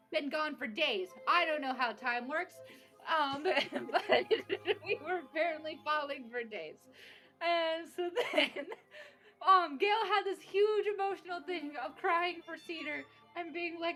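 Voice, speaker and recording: A young woman recaps a tabletop game session in a casual chat, bubbly and laughing as she acts out bits of dialogue. Her voice is high-pitched and sharp at a normal speed, with soft music in the background.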